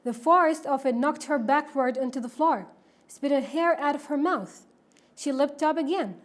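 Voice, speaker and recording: A woman with a high voice reads a novel aloud at a steady, unpolished pace. She trips over words and starts them again as she goes. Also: normal speed. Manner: stumbling over words with restarts. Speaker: reader. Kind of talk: amateur storybook reading aloud.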